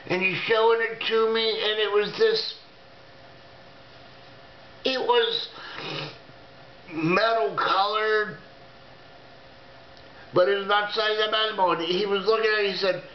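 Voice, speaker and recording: A man telling a dramatic first-person story in a slow, halting, fearful way, using folksy grammar. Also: high voice, fairly even intonation, slight background noise. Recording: echoey room, dull lo-fi sound.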